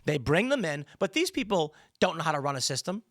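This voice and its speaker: A man's voice: a little high, sing-song, a little fast, no room sound, clean studio sound. A man in his thirties hosting a solo political commentary show, talking emphatically with rambling, sarcastic asides.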